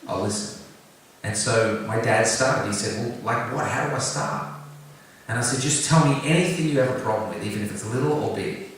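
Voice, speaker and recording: A man telling a personal story to an audience in an earnest, direct way, with touches of gentle humor. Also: medium pitch, a little fast, a little hiss or hum. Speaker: singer-songwriter talking about his song. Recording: echoey room, picked up from a distance, faint background ambience.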